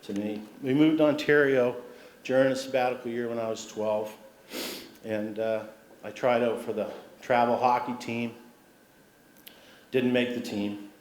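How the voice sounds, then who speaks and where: A man's voice: mid-range voice, steady tone, measured pace, pauses often, slight background noise. A middle-aged man giving an acceptance speech at an awards ceremony, telling family stories with humor. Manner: warm anecdotal storytelling with humor. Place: large civic hall. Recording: roomy hall with faint ambience.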